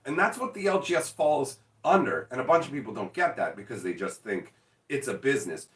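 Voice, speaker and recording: A man's voice: mid-range voice, brisk, roomy sound, recorded from a distance. A man chatting casually as host, telling stories with acted-out back-and-forth and blunt swearing. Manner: animated storyteller, acts out mock dialogue, swears freely. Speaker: show host. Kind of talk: casual chat.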